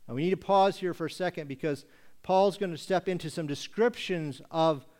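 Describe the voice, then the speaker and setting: A male pastor preaching a sermon with emphatic, deliberate rhetorical questions. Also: a little high, a little mellow.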